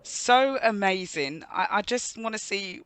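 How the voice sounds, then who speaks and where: A woman's voice: medium pitch, lively intonation, a little slow, fairly bright tone, clean tone, no echo. A woman co-hosting a radio show with a South London accent, asking long rambling questions. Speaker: radio co-host. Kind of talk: casual radio chat.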